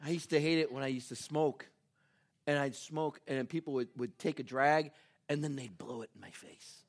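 A male pastor preaches at a normal speed, filling his sermon with personal stories told with animated energy, sometimes shouting and laughing. When he prays, he drops low and quiet.

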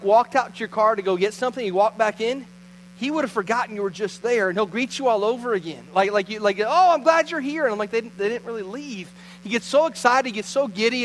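A man's voice: high-pitched, a bit bright, slight background noise, poor audio. A man pastor giving a conversational sermon, telling a story with frequent restarts.

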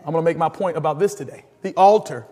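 A high-pitched male pastor leads a teaching sermon, calling out to the congregation for answers and amens. His voice rings with a long church-hall reverb as he laughs and climbs into sudden emphatic peaks. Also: quick pace. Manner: animated, call-and-response preaching with laughter and sudden emphatic rises.

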